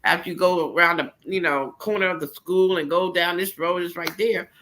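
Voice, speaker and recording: A middle-aged woman casually telling a personal story, animated and laughing, jumping into high voices for quotes. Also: moderate pace, poor audio.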